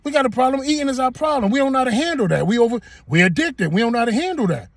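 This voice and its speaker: High-voiced man telling an emphatic story. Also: expressive, rapid-fire, no echo. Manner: emphatic, repeats himself, conversational slang. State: getting emotional. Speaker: vlogger. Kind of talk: casual storytelling to camera.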